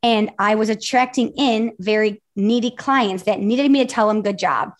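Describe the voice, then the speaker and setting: A woman's voice: medium pitch, normal speed. A woman in her forties, a business mentor guesting on a podcast, talking openly and retelling past conversations in a chatty way. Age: 40s. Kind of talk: casual interview chat.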